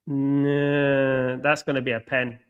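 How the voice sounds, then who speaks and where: A man hosting a live football watchalong, chatting to viewers by name and reacting excitably to each moment of play. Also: mid-range voice, slow pace, smooth, narrow, tinny audio. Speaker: watchalong host.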